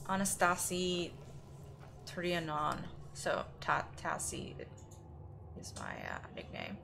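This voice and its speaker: A woman's voice: on the low side, huge pitch swings, slow, gravelly, long pauses, noisy background. A woman streaming a horror game live, reading notes aloud and reacting with sudden exclamations.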